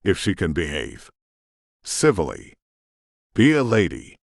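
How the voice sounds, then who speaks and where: A man's voice: low-pitched, very animated, unhurried, no echo, studio quality, exaggerated voice. A man voicing a guarded male shifter leader in an audiobook, level and commanding. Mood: stern.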